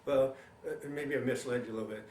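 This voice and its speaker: An older man, a veteran, telling his war experiences in an oral history interview, lively storytelling that acts out what others said. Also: medium pitch, fast. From Canada. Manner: animated storytelling, acts out quoted voices. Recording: roomy, mic at a distance, faint hiss.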